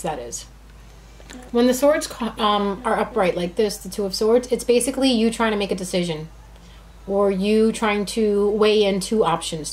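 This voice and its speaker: Chatty woman doing a tarot reading. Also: mid-range voice. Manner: chatty, laughs at herself, talks to the cards. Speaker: tarot reader. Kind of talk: casual tarot reading chat.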